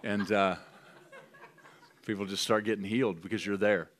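A man pastor preaching in a loose, conversational way to his church family, with halting restarts and light laughs. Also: lowish voice, fairly even intonation, a little hiss or hum. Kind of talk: informal charismatic preaching and prophecy. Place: church gathering.

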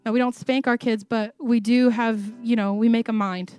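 A woman giving a sermon and prayer, speaking slowly and softly and repeating her phrases. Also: a little high, fairly even intonation, clear, resonant tone, no room sound, faint music behind. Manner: slow, soft prayerful delivery with repeated phrases.

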